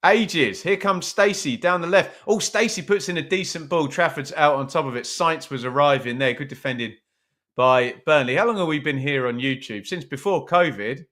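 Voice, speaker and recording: Male host, watch-along stream, casual and self-mocking, voice sits a touch high. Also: normal speed, fairly bright tone. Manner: chatty, self-mocking, reads chat aloud. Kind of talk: casual live match commentary and chat.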